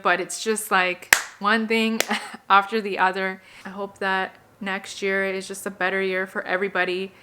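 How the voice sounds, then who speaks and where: Bright, clear-voiced woman vlogger. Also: mid-range voice. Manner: emotional and candid, close to tears. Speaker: beauty vlogger. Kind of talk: personal update vlog, talking to camera.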